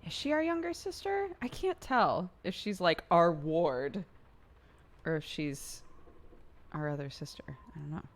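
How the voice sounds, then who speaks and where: A woman's voice: lowish voice, lively intonation, measured pace. A woman streamer making wry, joking asides while playing a game. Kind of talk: casual let's-play commentary.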